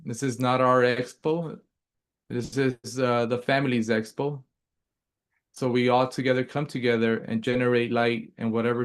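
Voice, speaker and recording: Man, earnest guest interpreter, gentle delivery, mid-pitched, plain tone. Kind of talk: casual interview talk, translating partner.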